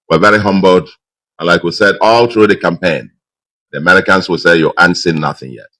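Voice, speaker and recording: Very deep-voiced Nigerian man giving a speech. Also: sharp tone, no echo, rough recording. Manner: emphatic, measured, with frequent fillers. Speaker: state governor. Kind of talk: victory speech.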